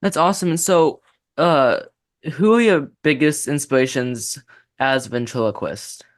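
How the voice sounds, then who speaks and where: A man's voice: mid-range voice, measured pace. Upbeat male podcast host. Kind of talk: casual interview questions.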